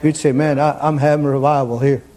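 A man preaching a fervent sermon, repeating his phrases and climbing toward near-shouts. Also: a little high, flat delivery, fast talker.

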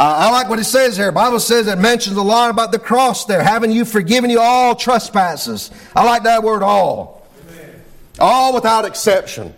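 A man preaching a sermon, praying aloud and repeating "amen" and "Lord God" in a fervent cadence. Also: high-pitched. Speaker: pastor. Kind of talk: sermon with spoken prayer.

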